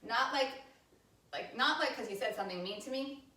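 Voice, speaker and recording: A woman in her thirties, a yoga instructor, giving gentle movement and breathing cues in a live class with chatty, candid asides. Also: fairly high pitch, normal speed. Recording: roomy sound from a distance from the mic.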